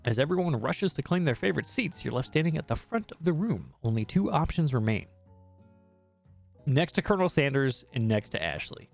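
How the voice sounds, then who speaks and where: Gravelly, animated young man streamer. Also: a little high, fairly quick, soft background music. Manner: jokey, swears, self-mocking asides. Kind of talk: reading a game aloud with commentary.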